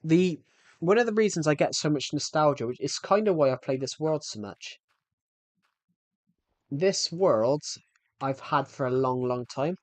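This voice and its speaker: A man's voice: on the high side, lively intonation, measured pace, long pauses, dry recording. A man in his twenties chatting casually on a live game stream, a little out of breath and rambling as he restarts his sentences. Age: 20s.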